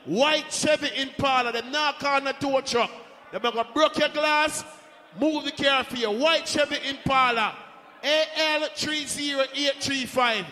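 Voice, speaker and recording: A man making a shouted, repetitive public announcement over the mic at a dance. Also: very high-pitched, unhurried, a little hiss or hum. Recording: echoey hall.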